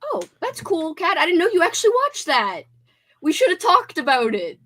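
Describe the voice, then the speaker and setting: A woman's voice: very high-pitched, wildly swooping pitch, normal speed, a bit bright. A young woman hosting a livestream, chatting casually in a bubbly way and laughing easily. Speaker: livestream host. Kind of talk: casual chat.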